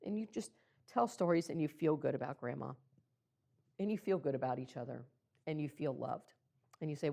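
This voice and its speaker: Low-voiced woman giving an earnest talk. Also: darkish tone. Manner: earnest, personal, pauses with ums. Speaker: presenter. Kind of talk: talk to clergy about baby loss. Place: meeting room.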